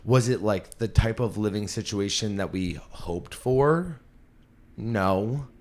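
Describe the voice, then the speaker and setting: Low-voiced young man rambling candidly. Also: slow pace, darkish tone. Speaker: podcast host and comedian. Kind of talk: casual storytelling chat.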